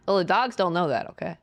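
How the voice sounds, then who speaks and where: A woman streaming a game live, chatting casually and playfully with her viewers and greeting them in a high sing-song voice. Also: a bit bright. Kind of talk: casual live-stream chat while gaming.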